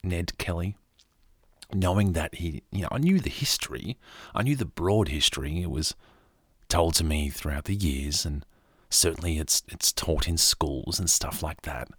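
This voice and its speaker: An Australian man narrating a story in a calm, soft-spoken way for a podcast, with casual asides. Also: low voice, moderate pace, slightly rough, no room sound, clean studio sound.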